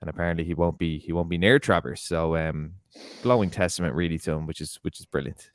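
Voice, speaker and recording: Very deep smooth-voiced man on a podcast. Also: steady tone, fast talker, no room sound, studio quality. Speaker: podcast co-host. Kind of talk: casual football chat.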